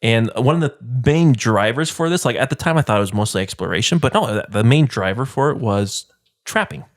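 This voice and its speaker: A man's voice: mid-range voice, animated, a little fast, dry recording, studio quality. A man co-hosting a casual podcast, leading the topic in a rambling way with lots of "like" and "I mean". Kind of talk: casual chat.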